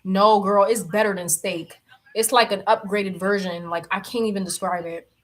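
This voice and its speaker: A woman's voice: mid-range voice, fairly even intonation, normal speed. A young woman chatting casually on a livestream, reading comments aloud, blunt and laughing often. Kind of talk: casual chat.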